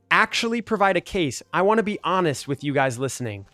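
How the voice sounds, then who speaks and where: Earnest man with a higher, dry voice. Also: expressive, fairly quick, hardly any pauses, sharp tone, no echo, soft background music. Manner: earnest, argumentative, frequent "like" fillers. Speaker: gaming video creator. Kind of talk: casual commentary over gameplay.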